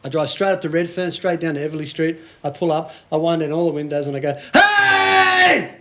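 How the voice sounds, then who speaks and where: Australian man, 40s, motivational speaker, high voice, jokey storyteller, laughs a lot. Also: flat delivery, fast talker, a little mellow. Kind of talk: live talk to a small audience.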